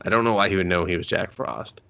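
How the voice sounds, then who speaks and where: A man casually recapping a movie, joking and swearing as he acts out characters in loud, high voices. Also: fast talker, vocal fry. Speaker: podcast co-host.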